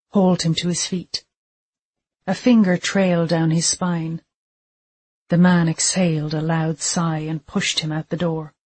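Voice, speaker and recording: A narrator reading a thriller audiobook in a steady, measured storytelling manner. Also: medium pitch, husky.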